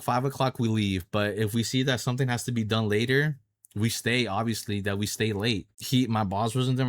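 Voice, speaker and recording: A man's voice: on the low side, no echo, clean studio sound. A young man telling a personal story about a coworker in an angry, heated rant, cursing a lot and repeating himself. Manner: angry ranting with heavy cursing. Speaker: vlogger.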